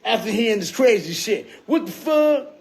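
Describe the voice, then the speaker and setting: A man with a high voice for a man rambles through a story on a livestream. He swears freely and keeps asking if you heard him. The sound comes through a phone mic. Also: expressive, moderate pace, a little mellow. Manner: profane, streetwise, keeps checking in with "you heard?".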